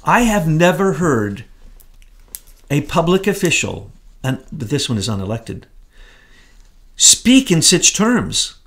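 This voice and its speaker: Emphatic man with a higher voice. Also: big pitch swings, slow pace, pauses often, a bit bright. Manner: emphatic, scornful. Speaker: co-host. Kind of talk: political commentary chat.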